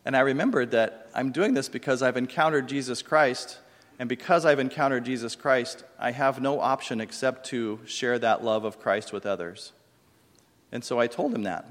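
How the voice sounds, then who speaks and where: A middle-aged man preaching as a deacon, telling stories earnestly and slowing down for emphasis. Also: mid-range voice, fairly bright tone. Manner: earnest storytelling, slows down for emphasis. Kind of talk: sermon. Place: church. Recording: long reverb of a church hall.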